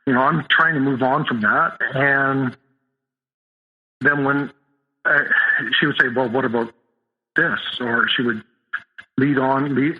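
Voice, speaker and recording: A middle-aged man telling his own story as an interview guest, halting and full of restarts. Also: mid-range voice. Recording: tinny phone line.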